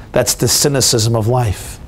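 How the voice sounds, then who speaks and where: A rabbi gives an inspirational talk at an event in a hotel hall. He is an animated storyteller who swings his voice up and down for emphasis. His voice sits at a middling pitch, with faint noise behind him. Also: slow pace. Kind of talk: inspirational talk with jokes and stories.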